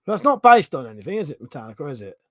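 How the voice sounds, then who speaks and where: A man's voice: fairly high pitch, very animated, rapid-fire. Sweary Home Counties man live-streaming. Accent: Home Counties English. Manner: swears freely, reads out chat questions, thinks aloud. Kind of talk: casual live-stream chat.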